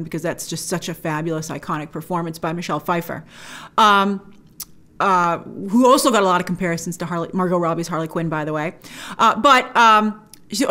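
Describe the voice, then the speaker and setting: A woman's voice: fairly low pitch, a bit bright. A woman hosting a film trailer breakdown, talking in a chatty, enthusiastic way with frequent fillers and restarts. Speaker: film trailer reviewer host. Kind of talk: casual trailer reaction commentary.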